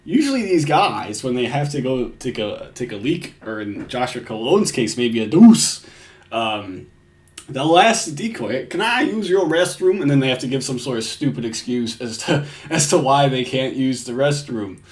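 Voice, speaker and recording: Crude, lively man doing reaction commentary. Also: medium pitch, moderate pace. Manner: crude, swearing, laughing often. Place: home.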